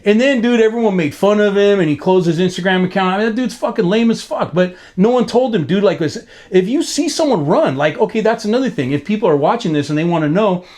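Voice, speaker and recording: A man's voice: fast, few pauses. Fifties guy from los angeles, raised voice, cussing and slang, rambles and restarts, spikes up when he gets hyped. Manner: animated, pitch jumps up when excited. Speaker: graffiti writer being interviewed. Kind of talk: casual interview storytelling.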